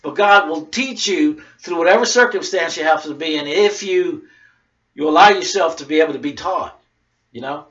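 A man's voice: on the high side, normal speed, a bit bright. Rambling lay preacher, man, lo-fi. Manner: conversational, rambling, many "you know" asides. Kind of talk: informal sermon with personal story. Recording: dull lo-fi sound.

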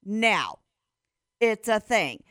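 A woman's voice: medium pitch, big pitch swings, drawn-out words, a bit bright, smooth, no room sound, clean studio sound. A woman presenting a sports segment on the radio, chatting and giggling as she explains a story. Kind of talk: casual radio chat.

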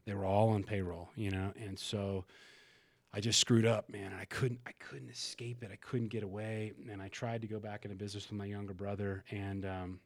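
Frank, low-voiced man telling his story. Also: flat delivery, moderate pace. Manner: emotional and frank, swears, frequent restarts and fillers. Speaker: podcast guest. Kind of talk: candid conversational storytelling.

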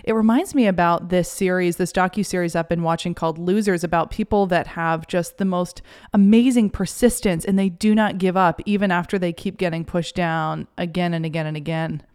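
Podcast host lady, lowish smooth voice, chatty and keen. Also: steady tone, fairly quick, darkish tone. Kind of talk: casual interview chat.

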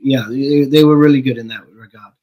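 On a rough recording, a middle-aged English guest actor talks briskly in a mid-range voice. He's relaxed in this casual interview, spinning stories and swearing offhandedly.

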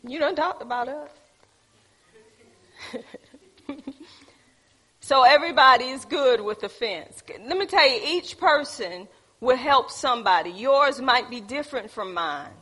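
A woman's voice: high-pitched, animated, a little slow, long pauses, a bit bright, slightly rough. A woman teaching a church group, preachy and calling on the audience. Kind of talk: teaching talk with congregation.

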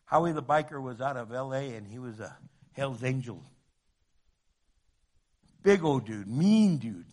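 A male pastor preaching a sermon, moving between loud emphatic passages and hushed ones. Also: mid-range voice, lively intonation, normal speed, long pauses.

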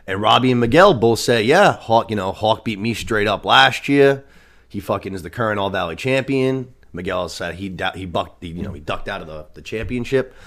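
A man's voice: on the low side, expressive, moderate pace, fairly bright tone. A man hosting a podcast, recapping a TV season in casual, profane chat full of "you know what I mean". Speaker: podcast host.

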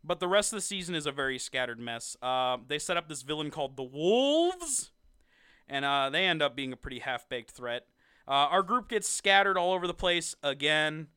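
Lively, bright-voiced young man ranking episodes. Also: fairly high pitch, moderate pace, clear, resonant tone, no room sound, clean studio sound. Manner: sarcastic, laughs often, animated. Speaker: podcast co-host. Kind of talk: casual ranking review chat.

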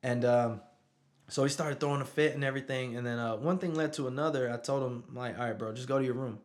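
A man's voice: mid-range voice, fast talker. A man in his thirties, a father telling a story in casual conversation, who often asks "you know what I'm saying". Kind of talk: casual chat.

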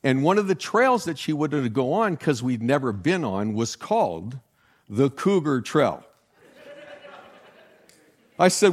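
An older man, a pastor, preaching a sermon with jokes, jumping up in pitch to stress words. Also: a little slow, pauses often. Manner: animated, jokey, leaps in pitch for emphasis.

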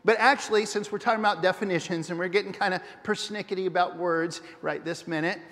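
A man's voice: high voice, fairly even intonation, fast talker, a bit bright, long reverb tail. A man preaching a sermon as pastor, earnest and often putting questions to his congregation. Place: church sanctuary.

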